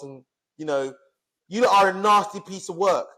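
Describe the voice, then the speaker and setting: A man's voice: sits high, moderate pace, bright, forceful tone. A man, ranting and swearing as a podcast co-host in heated casual chat. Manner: angry, swearing, fired up.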